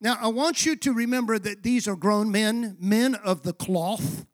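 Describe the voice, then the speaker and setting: Very high-voiced preaching man. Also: measured pace. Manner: impassioned, shouting bursts, dramatic retelling. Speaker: pastor. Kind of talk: sermon.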